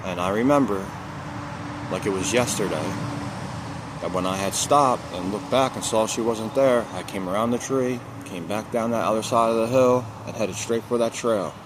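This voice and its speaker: Man, fairly low voice, casual storytelling vlog, emphatic repeats, slangy, noisy background with vehicle sounds. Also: moderate pace. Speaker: vlogger.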